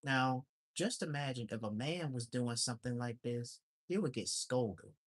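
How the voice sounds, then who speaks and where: A man's voice: medium pitch, moderate pace. Ranting man on a livestream. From lives in Alaska. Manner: blunt and ranting, with profanity; repetitive and exasperated. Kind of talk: casual livestream rant.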